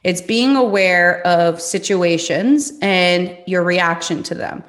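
A woman's voice: on the low side, slow. A woman hosting a business conversation, talking casually and acting out her own reactions. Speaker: podcast host.

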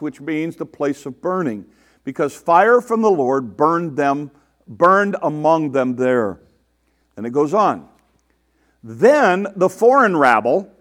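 A man preaching a sermon, reading scripture aloud and stopping often to explain it, acting out the quoted complaints with exasperation. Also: on the high side. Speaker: pastor.

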